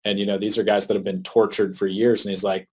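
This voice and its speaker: Low-voiced, easygoing male podcast host. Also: breathy edge. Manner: relaxed, halting, with fillers. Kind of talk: casual interview chat.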